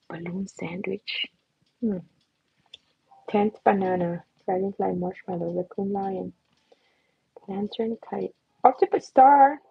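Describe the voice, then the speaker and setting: A young woman hosts a casual drawing livestream, chatting and giggling as she laughs at her own doodles in a self-mocking way. Her medium-pitched voice is creaky with a breathy edge, recorded with no echo and the highs cut off.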